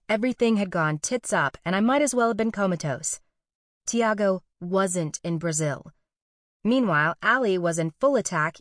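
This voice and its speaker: A woman's voice: medium pitch, dry recording, studio quality. A young woman narrating a first-person story with wry, sarcastic and profane humor.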